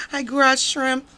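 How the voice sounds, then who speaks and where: Giggly woman hosting a stream, high and bright, chatty and loose. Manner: giggly, greets chat by name. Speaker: stream host. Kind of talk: casual live-stream chat.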